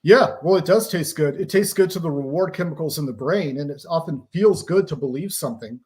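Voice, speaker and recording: A man with a fairly high voice speaks as an interview guest. He explains in a steady, lecturing way and leans on pop-culture comparisons to make his points. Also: a little fast. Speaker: guest author on psychological operations.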